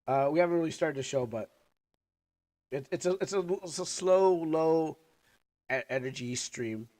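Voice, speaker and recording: A man's voice: on the high side, darkish tone. A young man who is sick and coughing chats casually as a streamer. He rambles and halts while sucking on candy. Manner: rambling, halting, talking with candy in mouth. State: sick, coughing, recovering lungs. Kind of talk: casual livestream chat.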